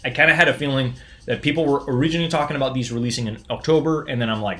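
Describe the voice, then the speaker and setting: A man hosting a live sneaker unboxing stream, talking in a casual, excitable way and often stumbling and restarting his sentences. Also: mid-range voice, a little fast. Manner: excitable, chatty, frequent restarts and stammers. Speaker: sneaker livestream host.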